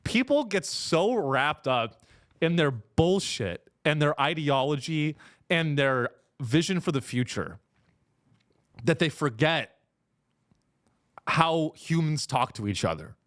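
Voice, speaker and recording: Man, comedian host, lively swooping pitch, slightly high voice, ranting, mocking impressions. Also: slow, pauses often. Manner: animated ranting, keeps slipping into mocking impressions. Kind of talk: comedic podcast rant.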